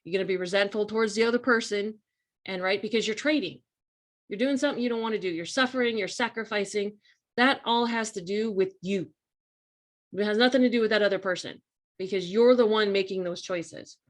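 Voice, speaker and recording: A woman's voice: mid-range voice, fairly quick. A woman hosting a live coaching talk, speaking in a casual, earnest and emphatic way that repeats key points and speaks straight to her listeners. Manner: earnest, emphatic and repetitive, addresses listeners directly.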